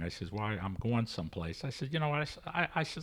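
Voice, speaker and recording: A man's voice: on the low side, very animated, fast, hardly any pauses. An older man, an interview guest, telling a story and acting out both sides of the conversations in it.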